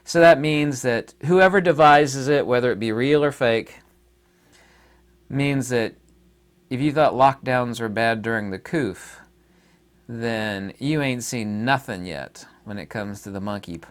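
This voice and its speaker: A man's voice: mid-range voice, unhurried, clear, resonant tone. A man talking to his audience in a casual solo monologue, rambling and emphatic, with many fillers and restarts. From United States. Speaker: online commentator.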